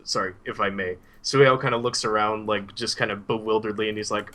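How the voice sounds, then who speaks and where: A man's voice: lowish voice, fairly even intonation, fast, hardly any pauses, sharp tone. A man narrating his part in a story game casually, with many fillers. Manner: loose, filler-heavy.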